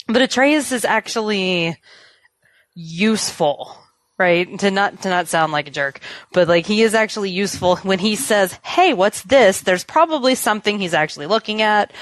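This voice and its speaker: A woman's voice: mid-range voice, dry recording. A woman co-hosting a gaming podcast, chatty and self-deprecating, often laughing. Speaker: podcast co-host. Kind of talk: casual chat.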